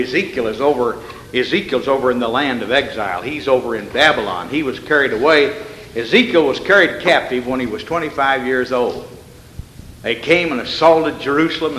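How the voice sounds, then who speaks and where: The echo of a church sanctuary's long reverb, plus a little hiss or hum, surrounds a male pastor's bright, forceful, medium-pitched voice. During his evening sermon he reads scripture, asks rhetorical questions to make his points, and adds folksy asides.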